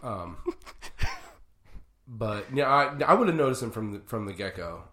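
A man co-hosting a podcast in casual chat, excitable, swearing and repeating himself. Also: fairly low pitch, unhurried, a little hiss or hum. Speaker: podcast co-host. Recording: roomy echo.

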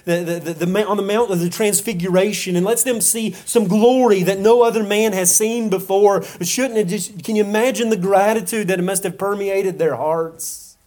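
A man's voice: sits high, darkish tone. Earnest preacher man with restarts. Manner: earnest, many restarts and repeated words; rhetorical questions to the congregation. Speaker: pastor. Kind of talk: sermon.

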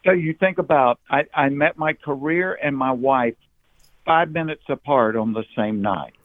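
Over a tinny phone line, a man in his fifties with a thick Southern Georgia accent speaks at a moderate pace in a medium-pitched voice. He's a comedian guest in a casual interview, an easygoing storyteller who laughs a lot and repeats words when beginning.

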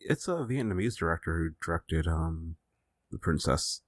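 A man hosting a podcast in casual chat, laid-back and halting, with plenty of fillers. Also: deep voice, animated, no echo, clean studio sound. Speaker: podcast host.

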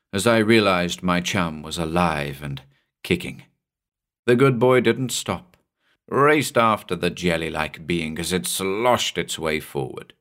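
Deep-voiced man narrating a horror story. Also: a bit bright. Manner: dramatic, measured storytelling. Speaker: narrator and host.

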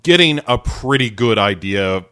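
A man's voice: medium pitch, expressive, unhurried, fairly bright tone, smooth, no echo, clean studio sound. A man co-hosting a casual TV review podcast, talking with frequent hesitations. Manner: hesitant, many fillers and restarts. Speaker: podcast co-host.

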